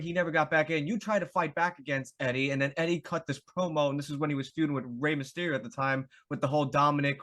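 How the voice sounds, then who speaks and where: A male podcast host puts a long, detailed question to his guest in a casual, rambling way, restarting as he goes. His voice sits slightly high. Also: fairly bright tone.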